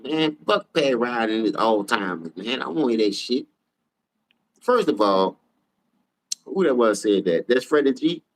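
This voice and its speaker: A man hosts a live sports talk stream. He trash-talks players in a heated, profane rant. His delivery swings from low, muttered asides to high, shouted outbursts. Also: poor audio. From New Orleans. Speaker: sports talk show host.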